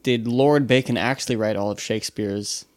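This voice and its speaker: Excitable swearing podcast co-host. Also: mid-range voice, moderate pace. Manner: excitable, swears, restarts sentences. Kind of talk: casual chat.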